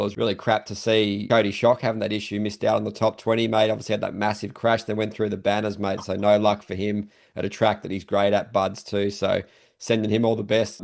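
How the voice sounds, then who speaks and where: A man's voice: lowish voice, gravelly, darkish tone. A man hosting a podcast in casual chat, friendly and easygoing. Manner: friendly, calls the guest mate again and again. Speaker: podcast host.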